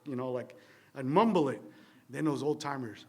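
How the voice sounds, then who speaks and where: Speaking quickly in a mid-range voice, a man from New Jersey tells his recovery story to a meeting held in a church room. He rambles along conversationally, leaning on fillers and tag questions, with a wry, self-mocking sense of humor.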